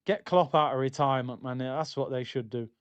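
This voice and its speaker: A man's voice: medium pitch, fairly quick, clear, resonant tone, lo-fi sound. A man hosting a football watchalong stream, chatting loosely and reading out viewer comments. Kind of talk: casual live-stream chat.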